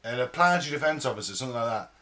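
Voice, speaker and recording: A man's voice: medium pitch, expressive, rapid-fire, sharp tone, a little hiss or hum. A man co-hosting a casual podcast, chatting and cracking jokes. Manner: joking, chatty. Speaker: podcast co-host. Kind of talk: casual chat.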